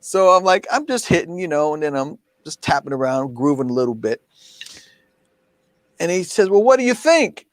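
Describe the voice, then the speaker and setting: Male drum teacher, casual storyteller, a bit high-voiced, close and dry. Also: moderate pace, long pauses, no echo. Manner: animated, laughs often, acts out quoted speech. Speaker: drum clinician.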